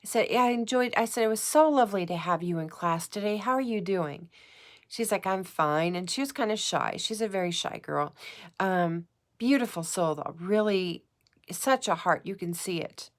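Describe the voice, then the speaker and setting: An earnest woman speaks directly to the camera in a heartfelt personal vlog. She is emotional and close to tears, and she repeats her phrases for emphasis. Her voice sits at an ordinary middle pitch. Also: expressive, normal speed. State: tearful at times. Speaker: psychic vlogger. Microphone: camera mic, talking to camera.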